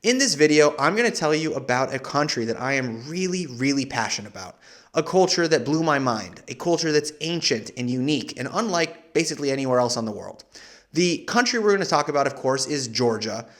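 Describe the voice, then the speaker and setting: A man's voice: medium pitch, brisk. A young man hosting a travel video, talking casually and with enthusiasm. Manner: energetic, casual, chatty with fillers. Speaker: travel vlogger. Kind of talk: enthusiastic travel guide talk.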